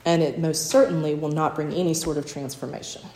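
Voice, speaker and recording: A woman's voice: low-pitched, fairly even intonation, fairly quick, mellow. A woman, giving a sermon and telling stories with little acted quotes, often asking "right?". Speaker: speaker teaching a church talk. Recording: echoey room.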